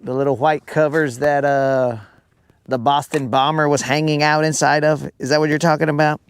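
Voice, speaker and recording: A man's voice: on the high side, flat delivery, moderate pace, clear, resonant tone, dry recording. A man hosting a live fishing stream, chatting casually with viewers and trading teasing jokes full of slang.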